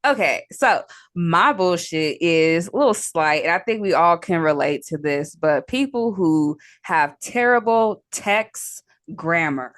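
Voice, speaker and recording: A woman's voice: on the low side, lively intonation, a little slow. A young woman co-hosting a podcast, chatting casually and bluntly, swearing freely and laughing between points. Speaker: podcast co-host. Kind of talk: casual chat.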